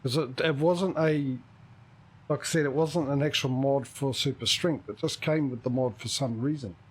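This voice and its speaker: Husky-voiced man rambling over a game. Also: medium pitch, moderate pace, rough recording. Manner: rambling, thinks out loud. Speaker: streamer hosting a multiplayer game. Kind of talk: casual gaming chat.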